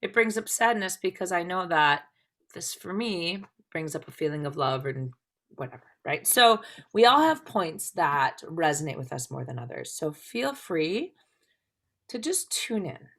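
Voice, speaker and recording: A woman's voice: on the low side, sing-song, unhurried, a bit bright. A woman teaching a live tapping class, explaining things conversationally and often checking in with "right?".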